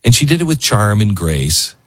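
Male talk show host, low and husky, emotional and rambling, dry close sound. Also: big pitch swings, moderate pace, no room sound. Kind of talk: casual talk radio monologue.

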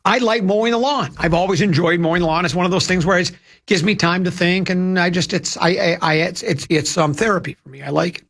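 A man hosts a radio talk show, spinning rambling, chatty stories into a studio microphone. His voice is high-pitched, fairly quick, gravelly, and a bit bright.

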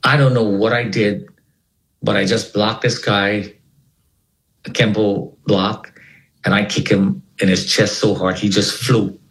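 Low-voiced man telling a vivid story. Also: a little slow, pauses often, poor audio. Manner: animated, acts out the dialogue in his story. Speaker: interview guest. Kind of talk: personal storytelling.

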